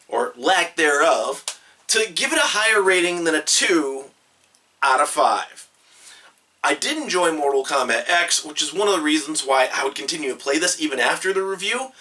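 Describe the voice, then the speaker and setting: A man giving a video game review in an animated, exclamatory and emphatic way. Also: sits high, recorded from a distance.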